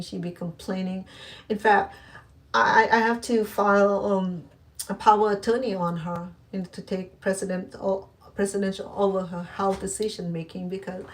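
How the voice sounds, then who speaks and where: A woman's voice: mid-range voice, creaky, far from the mic. Rambling woman, slightly off-mic. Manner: rambling, halting, many restarts and fillers. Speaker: cooking channel host. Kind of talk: casual personal talk to camera.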